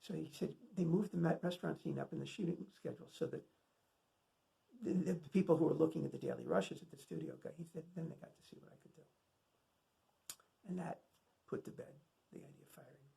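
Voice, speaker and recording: A warm, rather high male voice with vocal fry, talking fast. This film lecturer opens a screening of a classic film by retelling behind-the-scenes tales in a relaxed, chatty style, often restarting and using fillers.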